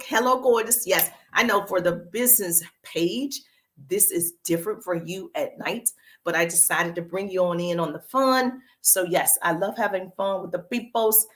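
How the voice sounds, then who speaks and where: A woman's voice: lowish voice, normal speed, a bit bright. A woman with a Southern US accent hosts a casual livestream as a social media business coach, upbeat and greeting viewers by name, with a cough drop in her mouth.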